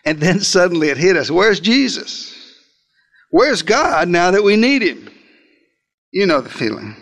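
High-voiced theatrical male preacher. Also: very animated, measured pace, fairly bright tone. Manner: theatrical, with wide swings in pitch and pace. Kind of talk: dramatic first-person sermon storytelling.

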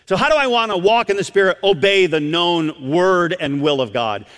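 His voice sits high, smooth and at normal speed as this middle-aged preacher tells a story in his sermon. He's an animated storyteller who voices the characters, heard through long hall reverb.

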